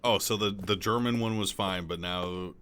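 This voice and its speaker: A man's voice: low voice, fairly even intonation, normal speed, noisy background. A man live-streaming a game, chatting casually with sarcastic, joking banter.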